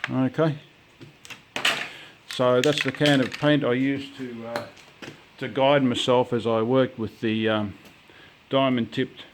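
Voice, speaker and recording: A man's voice: mid-range voice, steady tone, slow, pauses often, a little hiss or hum. Rambling man showing DIY tools. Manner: rambling, many ums and restarts. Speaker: home DIYer. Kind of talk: casual DIY walkthrough.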